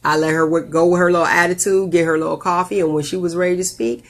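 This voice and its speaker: A woman hosting a casual live video show, telling stories with animated, jumpy delivery and big leaps in pitch on quoted lines. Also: fast talker. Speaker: host.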